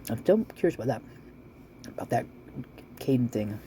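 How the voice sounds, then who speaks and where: A woman's voice: a bass voice, expressive, moderate pace, mellow, slight background noise. A woman chatting casually and rambling as she reads out local police reports, at times chewing while she talks. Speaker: vlogger reading police reports.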